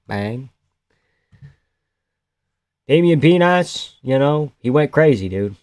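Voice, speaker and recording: A man hosting a live stream, giving casual reaction commentary on the fights and chatting with his viewers, shifting from loud excited outbursts to laid-back banter. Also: medium pitch, a little slow, no room sound.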